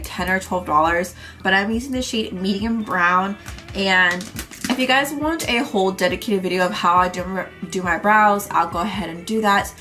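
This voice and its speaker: A young beauty vlogger speaks in a pushed, bright, mid-range voice, sounding a little stuffy. Her casual makeup tutorial rambles along, packed with fillers.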